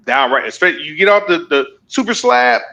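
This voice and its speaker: A man's voice: high voice, fast talker, creaky, lo-fi sound. A man, a long-distance motorcycle rider, telling stories in a casual podcast chat and acting out what people said to him. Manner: animated storyteller who acts out what others said.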